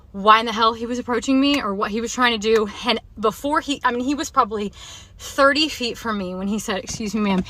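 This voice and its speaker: A woman's voice: fairly high pitch, pushed and bright. A shaken woman telling a story in a social media video, agitated and insistent, repeating her points over and over. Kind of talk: selfie rant video.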